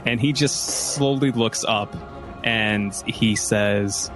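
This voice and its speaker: A man's voice: fairly low pitch, takes it slowly, fairly bright tone, faint music behind. A man narrating a tabletop game as game master, telling the story casually with filler words.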